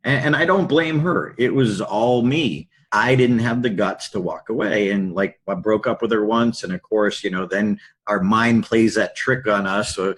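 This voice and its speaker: A middle-aged man, a podcast guest and public speaker, telling candid stories in a lively anecdotal way. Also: fairly low pitch, moderate pace, few pauses, breathy edge. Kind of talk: storytelling in a podcast interview.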